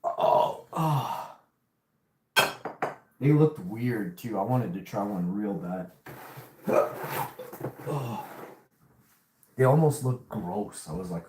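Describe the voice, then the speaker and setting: A man's voice: lowish voice, slow pace, pauses often, reverberant, noisy background. A man hosting a casual vlog, telling rambling stories full of swearing. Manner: profane, rambling, animated storytelling. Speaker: host.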